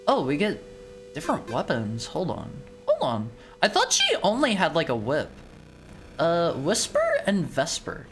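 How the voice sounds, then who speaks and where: A young woman streamer chatting casually while playing a game, rambling and often stumbling over and repeating her words. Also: deep voice. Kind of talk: casual let's-play commentary.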